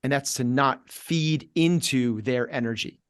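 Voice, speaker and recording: A man's voice: mid-range voice, unhurried, clear, resonant tone, no room sound. Middle-aged guy coaching on a podcast, punchy and repetitive, acts out little voices, super dry sound. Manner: energetic, acts out inner voices in quoted asides. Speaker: fitness coach, podcast guest. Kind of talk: podcast conversation.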